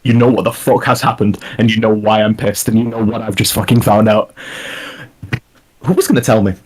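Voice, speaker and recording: A man tears into a wrestling promo, furious and profane, firing questions at the room and venting about being ignored. His voice sits a little low. He swears constantly and hammers each point home. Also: flat delivery, fairly quick, darkish tone. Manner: furious, swearing, demanding answers.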